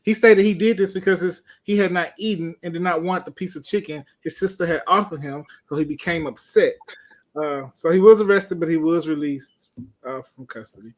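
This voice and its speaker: A man's voice: on the high side, a little fast. A man co-hosting a casual show, telling a news story with playful jokes. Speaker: co-host. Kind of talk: casual podcast banter.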